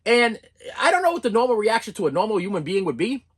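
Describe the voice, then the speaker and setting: A channel host in their forties telling rambling, self-interrupting stories from their childhood in an animated monologue, often laughing at their own stories. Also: mid-range voice, quick pace, breathy edge. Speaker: YouTube comedy channel host.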